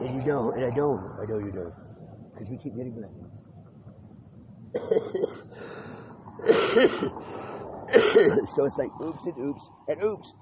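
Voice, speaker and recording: A man rambles through a loose monologue, stumbling over repeated words and restarting his sentences, with casual swearing mixed in. His mid-pitched voice comes through a dull, lo-fi recording with steady background noise clearly audible. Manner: rambling, heavy repetition and restarts, swears freely.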